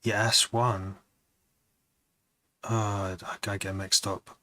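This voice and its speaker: A man's voice: fairly low pitch, level tone, slow pace, pushed and bright. A man producing music on a live stream, chatting to viewers in a rambling, casual way.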